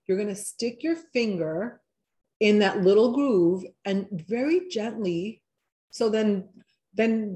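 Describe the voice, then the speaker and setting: A woman's voice: medium pitch, darkish tone. Chatty woman leading a wellness workshop. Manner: chatty, encouraging, slows down to guide steps. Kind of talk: live online workshop, guiding exercises.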